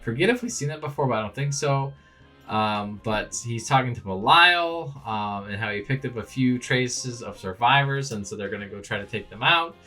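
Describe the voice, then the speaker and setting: Guy recapping manga chapter, bright voice, animated, faint guitar music behind. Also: medium pitch, moderate pace. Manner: animated, acts out characters' lines with laughs. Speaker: manga reaction host. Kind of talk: casual recap commentary.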